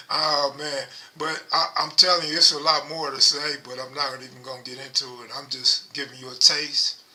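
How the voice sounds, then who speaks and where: A middle-aged man hosting a casual livestream, talking low and rambling close to his microphone. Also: flat delivery, normal speed, pushed and bright. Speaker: livestream host. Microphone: microphone held close.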